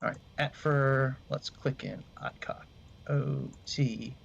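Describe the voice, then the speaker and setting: A man narrates his flight sim session in a loose, rambling way, swearing casually and chatting with viewers. His voice sits in an ordinary middle pitch. The desk mic sounds a little muffled and lo-fi. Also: steady tone, takes it slowly, creaky, slight background noise. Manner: rambling, swears freely, talks to chat. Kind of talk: casual gameplay commentary.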